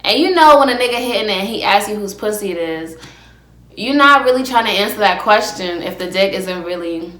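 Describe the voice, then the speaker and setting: On her casual solo podcast, a young woman eats while spinning loud, foul-mouthed stories. Her mid-range voice is animated, brisk, pushed and bright. The phone recording, made with a ring light, has a roomy echo.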